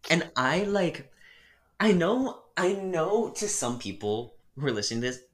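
A man co-hosting a casual podcast chat, telling a customer service story with animated, exasperated emphasis. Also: a little high, a little slow. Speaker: podcast co-host.

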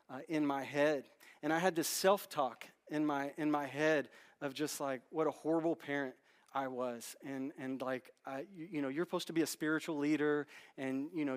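A male pastor in his thirties preaching in a church with a slightly high voice. He tells a candid, self-deprecating story, talking animatedly and restarting often. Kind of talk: storytelling sermon. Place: church sanctuary.

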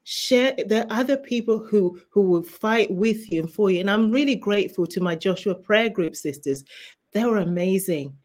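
A woman's voice: mid-range voice, lively intonation, moderate pace, darkish tone. A woman who is a guest author, sharing a fervent faith testimony in an interview. She speaks like a preacher and repeats key phrases for emphasis.

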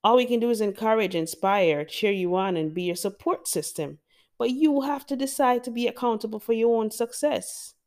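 A woman's voice: a little high, moderate pace, darkish tone. Upbeat Jamaican woman hosting a podcast. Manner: emphatic and encouraging, addresses listeners directly. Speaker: podcast host. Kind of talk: motivational podcast talk.

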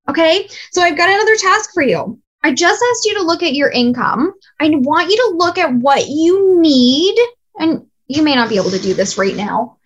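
Woman coach, thirties, high bright voice, chatty and blunt, slips in the odd curse. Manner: lively, blunt, swears casually, acts out voices. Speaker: business coach. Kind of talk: casual coaching talk.

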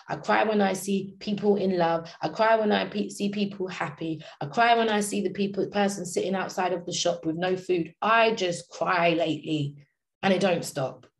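With a mid-range voice at an ordinary speed, a woman delivers an inspirational talk. She's passionate and slangy, repeating phrases to hammer her points home.

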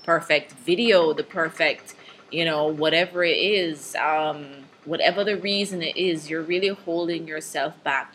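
A woman's voice: low voice, unhurried, a bit bright, a little hiss or hum. A woman with a Jamaican accent hosting her own podcast in a casual solo monologue, nervous and rambling, laughing often between thoughts. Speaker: podcast host.

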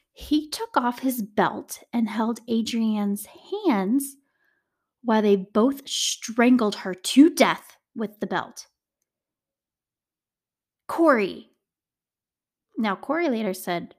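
A woman's voice: a little high, a little mellow. A woman telling a true crime story in a casual, chatty way, with indignant asides to her listeners. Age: adult parent. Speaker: true crime podcast host.

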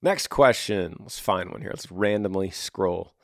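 A man's voice: sits low, unhurried, dry recording, clean studio sound. Earnest man giving advice on a podcast. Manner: earnest, repeats key phrases, acts out example lines. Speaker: podcast host answering listener questions.

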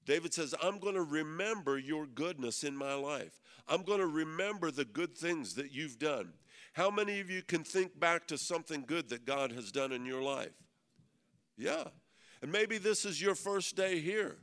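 A man, a pastor, preaching a sermon at a men's meeting. He often asks the room "Amen?" and slows down to read scripture with emphasis. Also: a little high, animated, a bit bright. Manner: preaching with frequent "Amen?" call-outs to the audience; reads scripture aloud slowly and with emphasis.

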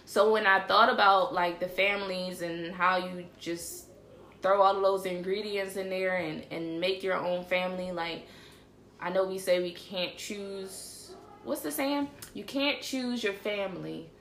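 A woman hosting a casual livestream show, chatting in an animated way and calling her audience y'all. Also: medium pitch, unhurried, slight background noise. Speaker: show host. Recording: roomy echo.

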